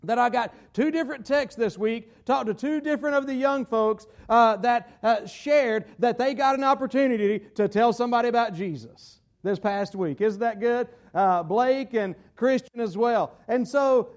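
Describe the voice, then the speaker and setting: Man, pastor, very high voice, folksy, emphatic sermon. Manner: folksy, emphatic, slows down to stress key phrases.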